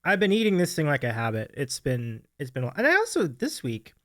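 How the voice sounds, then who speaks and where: A man's voice: a little high, huge pitch swings, a little fast, a bit bright, dry recording. A man hosting a casual live stream who laughs often and thanks viewers by name. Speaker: stream host.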